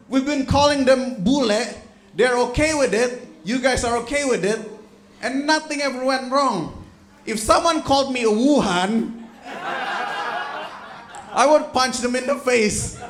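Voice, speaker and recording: A man doing a stand-up set on stage, telling stories with acted-out quotes. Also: high-pitched. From Indonesia. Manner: animated storytelling with acted-out quotes. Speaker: stand-up comedian. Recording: echoey venue room.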